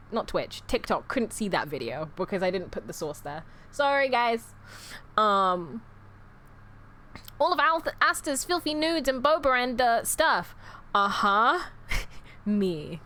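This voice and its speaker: Young female streamer, high and animated, chatty and sweary. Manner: rambling, self-correcting, sweary. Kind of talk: casual chat with viewers.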